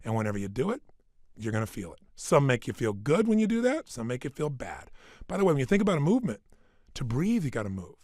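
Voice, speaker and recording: Animated middle-aged man giving a pep talk. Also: mid-range voice, fast, no echo, clean studio sound. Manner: energetic, emphatic, swings between hushed and loud. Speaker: motivational speaker. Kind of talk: motivational talk recorded for audio program. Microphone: studio microphone.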